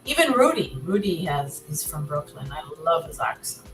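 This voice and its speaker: A woman's voice: sits low, sing-song, moderate pace, fairly bright tone, soft background music, rough recording. A Canadian woman hosting a livestream, chatting casually with a guest and reading viewer comments aloud. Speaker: livestream host. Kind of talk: casual chat.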